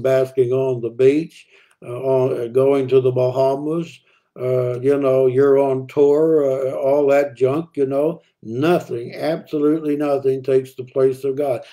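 A man's voice: medium pitch, dark tone. A man teaching a midweek Bible study, reading old-fashioned scripture verses aloud and then explaining them in a conversational way with fillers and repeated words.

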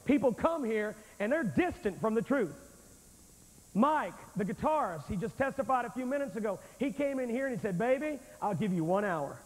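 A preacher with a high, ringing man's voice delivers a revival sermon in a packed church sanctuary. He is folksy and emphatic, talking straight to the congregation. His words echo through a big, reverberant hall on an old videotape recording. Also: animated, moderate pace. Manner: folksy, emphatic, addresses the crowd directly. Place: large church sanctuary with thousands present.

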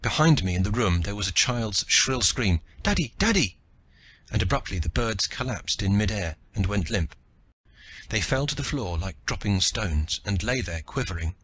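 Low-ish guy reading an audiobook, punchy bright voice, faint hiss behind. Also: moderate pace. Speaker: audiobook narrator. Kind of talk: first-person audiobook narration.

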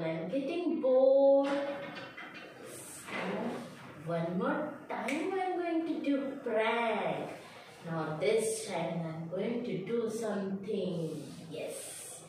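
A woman voicing a mischievous little girl who plays pranks, with drawn-out, sing-song wailing. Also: medium pitch. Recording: echoey room from far off, noisy.

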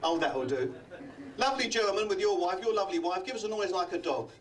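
An older comedy magician from London works the room, teasing guests with quick gags. His voice sits high for a man. He is picked up from a distance in a hotel function room. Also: animated. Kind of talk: live club comedy act.

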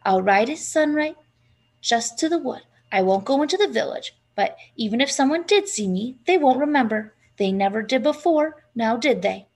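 A woman voicing a calm, sensible, sturdy farm wife who speaks in a matter-of-fact way. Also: on the high side, normal speed. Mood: eager.

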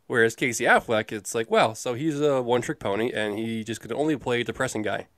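A man's voice: medium pitch, quick pace, a bit bright, no room sound, studio quality. A man co-hosting a movie review podcast, chatting casually in a rambling, jokey way with the odd swear. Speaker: podcast co-host.

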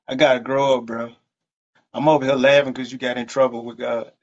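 A man's voice: mid-range voice, flat delivery, a little fast, muffled recording. A man hosting a faith podcast, chatting in a laid-back, joking, slangy way. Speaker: host.

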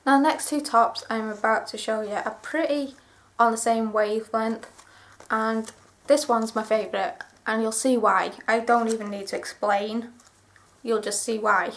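A young woman with a fairly high voice talks through her shopping haul. She gushes over each find and rambles on in a chatty, excitable way. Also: normal speed. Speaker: vlogger. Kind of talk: clothing haul vlog.

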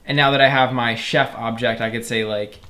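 A man's voice: medium pitch, steady tone, brisk, bright, forceful tone. A man teaching programming in a screen-recorded tutorial, explaining each step casually and speaking to viewers as "you guys". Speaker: programming instructor.

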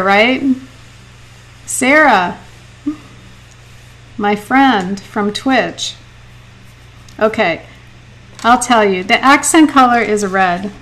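Slow, chatty woman teaching watercolor live. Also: fairly high pitch, low-quality recording. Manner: chatty, laughs often, reads viewer comments aloud. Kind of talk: live painting lesson with chat.

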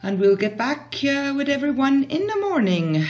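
A woman's voice: high-pitched, sing-song, moderate pace, few pauses, darkish tone. A woman from Switzerland giving casual let's play commentary, chatting to her game characters with emotional outbursts. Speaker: gaming YouTuber. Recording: faint background music.

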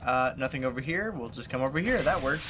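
A man's voice: mid-range voice, expressive, brisk, a bit bright, a little hiss or hum. A young man giving playful, joking commentary while playing a video game, talking trash at the enemies. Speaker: gaming youtuber.

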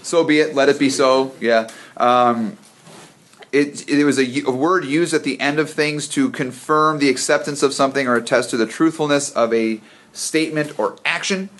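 Guy teaching bible study at church, casual and rambly, middle pitch, trips over words sometimes. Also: steady tone, moderate pace, a bit bright. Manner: chatty, stumbles over words and laughs at himself. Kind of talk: informal Bible study lesson. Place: church meeting room with a small group.

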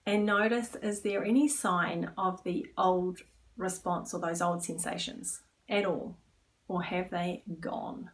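A woman stress coach who leads a guided exercise in a calm, inviting tone. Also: medium pitch, unhurried, vocal fry, distant mic.

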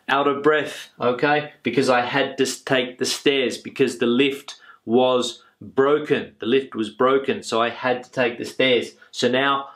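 A man's voice: mid-range voice, steady tone, unhurried, few pauses, fairly bright tone. Male English teacher, patient and repetitive, explaining phrases with filler words. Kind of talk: video English lesson.

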